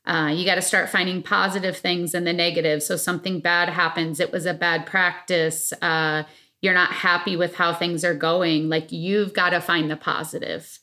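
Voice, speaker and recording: A woman co-hosts a relaxed podcast conversation in a slightly low voice. She speaks earnestly and leans on key words for emphasis. Her talk is loose and conversational, full of fillers and restarts. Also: normal speed. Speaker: podcast co-host. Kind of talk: casual podcast chat about parenting.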